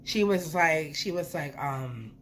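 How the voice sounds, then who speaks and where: Animated young woman telling a story. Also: sits low, slow, a little hiss or hum. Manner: animated, swearing, playful. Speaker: vlogger. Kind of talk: casual storytime.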